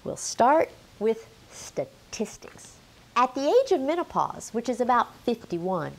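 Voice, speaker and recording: A middle-aged woman teaching a health lesson straight to camera, emphatic and quizzing the viewer. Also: medium pitch. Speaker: menopause health educator.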